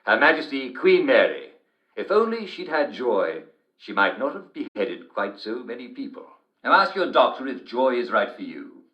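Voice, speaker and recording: A man's voice: medium pitch, very animated, moderate pace, roomy sound, dull audio, lightly acted. An actor playing a jovial, smarmy TV talk show host with slick, chuckling showman patter. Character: smarmy, jovial English TV host, middle-aged man. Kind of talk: video game character acting.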